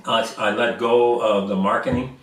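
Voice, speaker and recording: A man who is a guest on a podcast, telling a story in a lively way and acting out the voices of the people in it. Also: fairly low pitch, moderate pace. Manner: animated storyteller who acts out quoted dialogue. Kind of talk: storytelling in a conversational interview. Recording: roomy sound with mic at a distance.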